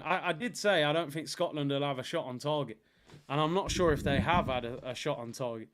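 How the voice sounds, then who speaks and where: Chatty male watchalong host. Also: on the high side. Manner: chatty banter with slang. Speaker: livestream host. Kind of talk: casual watchalong commentary.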